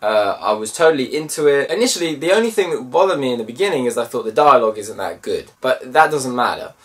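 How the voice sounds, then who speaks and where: Animated man reviewing a film. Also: mid-range voice, quick pace, far from the mic. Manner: animated, mimics voices in bursts. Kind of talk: casual video review.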